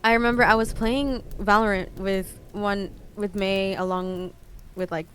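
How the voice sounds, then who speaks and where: A woman's voice: medium pitch, fairly even intonation, a little slow, fairly bright tone, a little hiss or hum. A woman who grew up in the Philippines and Canada, chatting casually on a stream and rambling through stories with frequent laughs. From Philippines, raised in Canada from age twelve.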